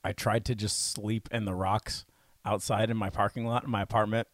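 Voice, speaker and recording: A young man in his twenties, a podcast co-host, telling animated, rambling stories in casual chat. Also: lowish voice, moderate pace, no room sound. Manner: rambling, animated anecdotes with put-on quotes.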